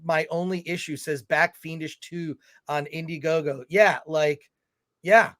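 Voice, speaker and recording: A man's voice: a little high, steady tone, unhurried, a bit bright. A man co-hosting a film livestream, ranting animatedly and reading viewer comments aloud. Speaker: podcast co-host reading chat.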